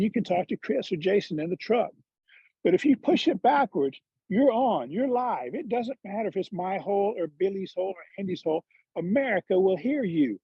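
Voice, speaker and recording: A man's voice: high voice, breathy edge, no echo, pitched above the performer's own voice, full character voice. A man playing a blunt, crude male golf broadcaster with a put-on Georgia drawl. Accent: Southern US (Georgia), as put on. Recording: dull lo-fi sound.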